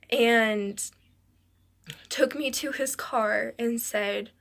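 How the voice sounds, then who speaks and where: A woman's voice: on the high side, fairly even intonation, slow pace, vocal fry, fairly bright tone. A woman narrating a dramatic personal story for a storytime vlog, rambling and breathless with many "I'm like" asides. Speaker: vlogger.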